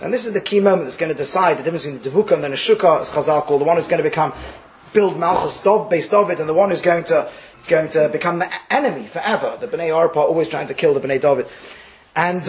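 A man with a high voice teaches a Torah class, lively and full of restarts. He acts out the people in the verses he teaches. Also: rough recording. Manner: lively, acts out quotes, Hebrew terms mixed in, restarts.

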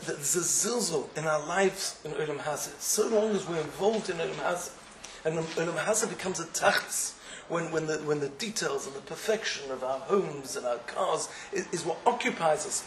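A man's voice: on the high side, roomy sound, a little hiss or hum, rough recording. A man giving a sermon as a rabbi, with an impassioned manner that builds into emphatic questioning.

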